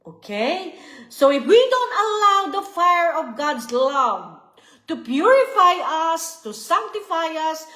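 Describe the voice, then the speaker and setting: A woman's voice: high-pitched, fairly bright tone, echoey room. A woman giving an earnest devotional teaching, often repeating herself and checking in with "okay?" and "you see". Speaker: Bible study teacher.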